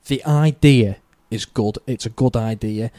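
A man hosting a casual podcast, swearing freely as he rambles through his views. His voice is mellow and dark, recorded dry and close with no room sound. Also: medium pitch, measured pace, dry recording. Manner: sweary, rambling, animated opinions. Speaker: podcast host.

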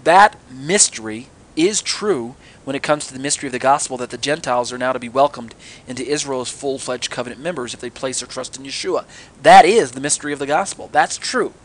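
A man's voice: medium pitch, fairly quick. A middle-aged man teaching a sermon on scripture, earnest and fond of rhetorical questions and sarcastic asides. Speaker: Bible teacher.

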